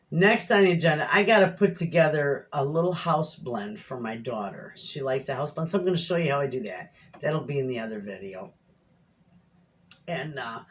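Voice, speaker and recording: A middle-aged woman chatting casually to viewers in her home kitchen, a rambling, folksy storyteller. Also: a bass voice. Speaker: homestead cooking vlogger.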